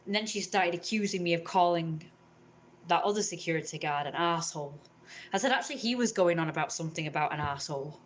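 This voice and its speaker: A young woman tells a long grievance to her camera, rambling and indignant, with a somewhat low voice. She jumps into higher voices to mimic the people in her story. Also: fast talker, slight background noise. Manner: rambling, indignant, acts out others in raised voices. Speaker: vlogger.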